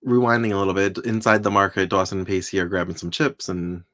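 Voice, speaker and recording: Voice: low voice, flat delivery, fast talker, a bit bright. Laughing podcast co-host retelling plot. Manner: retells plot with quoted voices, laughs a lot. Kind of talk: casual recap chat.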